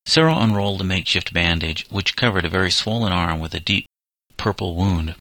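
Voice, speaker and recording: A man reading a novel chapter aloud as an audiobook narrator, in a measured storytelling delivery. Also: low-pitched, animated, bright, forceful tone, no room sound, rough recording. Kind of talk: scripted narration.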